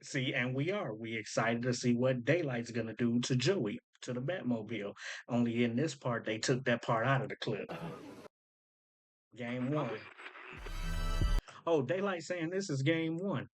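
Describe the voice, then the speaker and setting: A man in a relaxed commentary, talking at a middle pitch. He is eager and explanatory and keeps urging the listener to watch and notice the details. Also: a little slow, faint music behind, low-quality recording. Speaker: host breaking down rap lyrics. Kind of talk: casual commentary.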